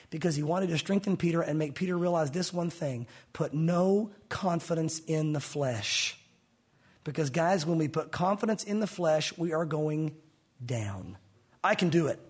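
A man preaching a sermon in an animated way, acting out biblical dialogue in different voices. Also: fairly high pitch, breathy edge. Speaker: pastor.

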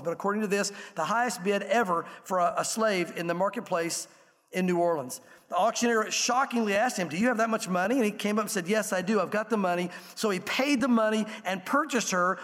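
High-voiced man preaching in an echoing hall. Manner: earnest storytelling, slows and softens for emotional quotes. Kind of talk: sermon with illustration story. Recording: long reverb of a large room.

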